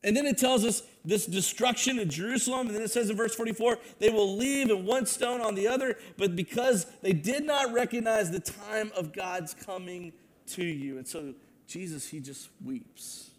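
A man preaching a sermon, moving between loud proclamation and hushed, earnest asides. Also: sits high, normal speed. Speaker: pastor.

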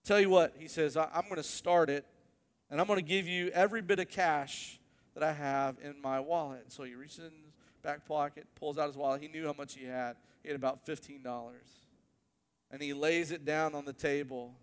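A man preaching a sermon, his voice sitting a bit high for a man. He tells stories with lively build-ups that climb to emphatic peaks. A long reverb from the church hall trails after his words. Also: a little fast, smooth. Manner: animated storytelling, rising to emphatic peaks. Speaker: pastor.

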